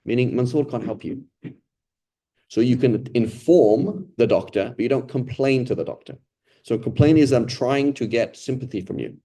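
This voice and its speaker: A man's voice: mid-range voice, animated, normal speed, warm tone. A man giving a casual, conversational Quran lesson, often checking in with "right?" and briefly acting out the people he describes. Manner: acts out quoted complainers and beggars. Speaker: Quran teacher.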